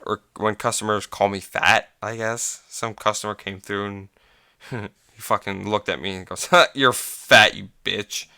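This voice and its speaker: A man's voice: lowish voice, level tone, moderate pace, sharp tone, clean tone, no echo, studio quality. A young man telling work stories on a casual solo podcast, rambling, restarting sentences, swearing often and losing his train of thought. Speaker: podcast host.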